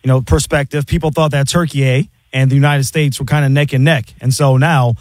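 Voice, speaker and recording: A man co-hosting a sports talk radio show, talking briskly and conversationally. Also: medium pitch, steady tone, no echo. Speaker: radio co-host.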